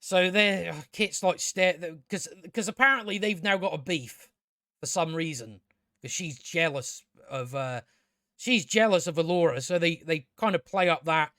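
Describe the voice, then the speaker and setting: A man's voice: on the high side, unhurried, bright, forceful tone, no room sound, studio quality. A man reviewing a TV episode in a rambling casual recap, sarcastic and profane, stumbling over restarts. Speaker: video reviewer.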